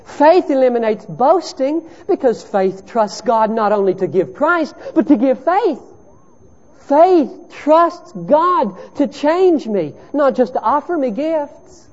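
A man preaching a sermon, moving between loud, emphatic passages and hushed, quiet storytelling. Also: very high voice, sing-song, slow. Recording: dull lo-fi sermon recording.

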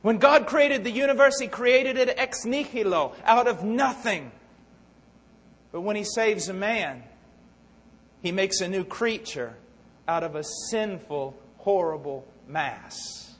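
Preacher guy with a really high voice, goes quiet then loud, long hall echo. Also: lively intonation, slow, slight background noise. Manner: impassioned, swings from hushed to loud. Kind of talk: sermon.

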